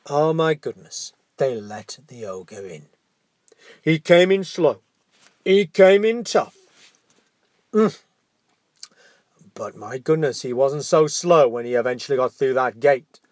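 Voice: medium pitch, expressive, slow, pauses often, darkish tone, no echo. A storyteller telling a children's tale dramatically, dropping into whispers for suspense.

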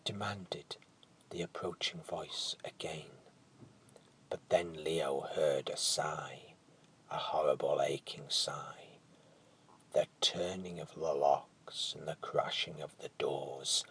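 A man narrating a storybook tale in a hushed, dramatic manner that often drops to a whisper. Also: a bass voice, slow, breathy edge.

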